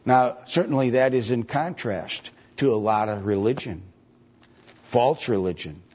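A man's voice: mid-range voice, measured pace, darkish tone, breathy edge. A man preaching a sermon, reading scripture aloud and pressing the congregation with emphatic repeated questions. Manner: reads archaic scripture aloud. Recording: dull lo-fi recording.

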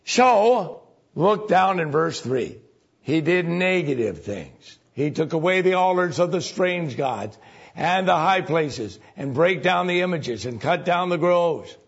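On what sounds like an old, muffled, lo-fi church tape, a man preaches in a husky, gravelly voice pitched a little high. He talks slowly in a folksy, conversational way with lively intonation, often leaping up for emphasis.

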